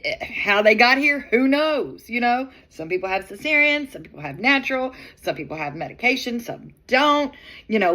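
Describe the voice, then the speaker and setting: A middle-aged woman hosting her own channel, chatting in a drawn-out, exasperated way as she comments on video clips. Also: mid-range voice, fairly bright tone.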